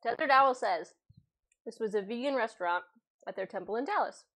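A chatty woman talks her way through a cooking livestream, voice sitting a little on the high side. She reads viewer comments aloud between steps, close on a lavalier mic in her home kitchen. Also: expressive, brisk, a bit bright. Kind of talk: casual livestream cooking chat.

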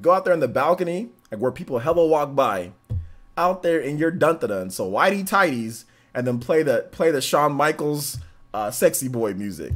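A man in his thirties rambles through a slangy story on his livestream. His pitch leaps up and down as he gets into it, swinging from loud excitement to low, quiet asides. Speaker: streamer host. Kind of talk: casual livestream chat.

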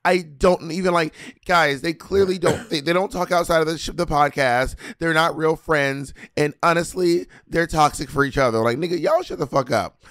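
A man's voice: fairly high pitch, normal speed. A man co-hosting a podcast in casual chat, telling stories with lots of acted-out quotes and crude, teasing banter. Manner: animated storytelling, acts out quotes, crude banter. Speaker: podcast co-host.

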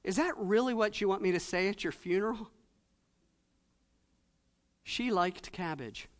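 In a church sanctuary, a male pastor preaches a sermon, talking fast and shifting between soft, low asides and loud, rising exhortation full of repeated emphatic phrases.

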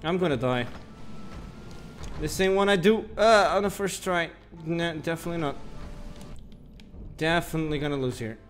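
A man's voice: a little high, normal speed, long pauses, soft background music. A young man giving casual commentary while playing a game, grumbling, swearing and mocking himself. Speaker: gaming channel host.

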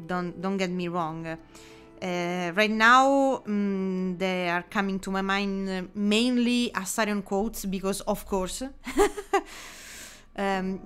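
Slow-talking excitable Italian woman streamer. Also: mid-range voice. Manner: excitable, many fillers and restarts, swears casually. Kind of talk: casual chat while drawing on a live stream.

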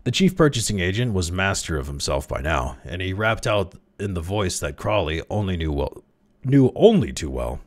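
A man reading a short story aloud, with lively delivery and amused asides. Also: deep voice, normal speed, few pauses. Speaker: reader.

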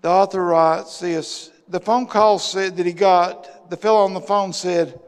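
Man, pastor preaching, fairly high voice, long church reverb, passionate. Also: fairly even intonation, unhurried, clear, resonant tone. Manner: impassioned, swinging between loud bursts and hushed asides. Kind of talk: sermon. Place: church sanctuary.

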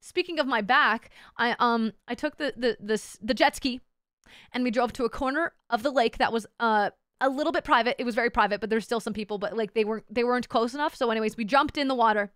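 High-pitched, loud, foul-mouthed young woman. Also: fast, smooth, dry recording, clean studio sound. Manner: loud, rambling, swears a lot, laughs and shouts. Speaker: streamer. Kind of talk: casual chat.

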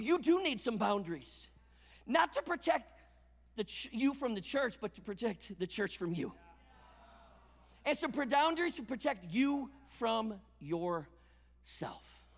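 A man delivers a sermon with a high, bright voice. His delivery is emphatic, rising to loud punches and dropping to quiet asides. The sound carries the long reverb of a large conference hall. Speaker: conference speaker.

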